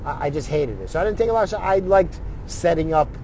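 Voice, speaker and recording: A man's voice: a little high, expressive, fast talker, darkish tone, slight background noise. A middle-aged man telling a story in a casual, profane way, acting out what other people said in his own voice.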